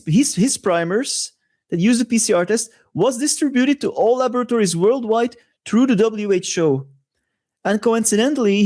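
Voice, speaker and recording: Male show host, high-pitched, conspiratorial commentary monologue. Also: a little mellow. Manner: conspiratorial, rhetorical asides.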